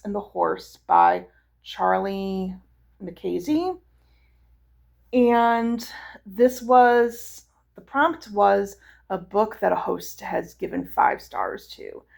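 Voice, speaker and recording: Woman, young adult, enthusiastic book reviewer; slow, easy delivery with heavy vocal fry. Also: mid-range voice, a little mellow. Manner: enthusiastic, chatty, frequent fillers. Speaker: book vlogger. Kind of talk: casual book review chat.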